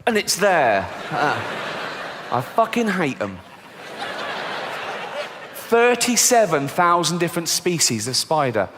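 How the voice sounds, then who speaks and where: An English man in his fifties doing stand-up in a deadpan, crude way, his voice sitting a little high for a man. It rings through a large theatre with a long echo and faint ambience behind it. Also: takes it slowly, pauses often, background noise. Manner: deadpan, dark and crude, acts out characters. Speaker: stand-up comedian. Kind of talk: stand-up comedy set. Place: theatre stage. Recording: reverberant hall, faint ambience.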